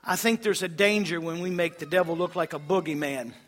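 A man, preaching a sermon as a pastor, swinging from loud emphasis to hushed, low-spoken lines. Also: a little fast, long reverb tail.

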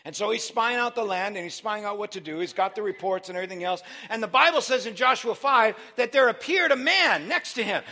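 A man preaching a sermon in a strikingly high, bright voice. He moves from soft, conversational teaching to loud, shouted preaching. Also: fairly quick, hardly any pauses.

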